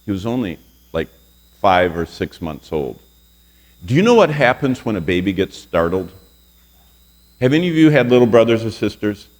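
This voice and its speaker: A man's voice: on the low side, big pitch swings, moderate pace, long pauses, darkish tone. A man in his sixties, a pastor teaching a Bible lesson to a room of college students, telling stories and asking the class questions. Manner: storytelling, quizzes the audience with questions.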